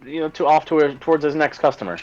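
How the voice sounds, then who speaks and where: A man's voice: a little high, fast talker, darkish tone. A man playing in a tabletop game, describing his character's actions in a rambling way with many fillers. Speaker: player. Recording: dull lo-fi mic.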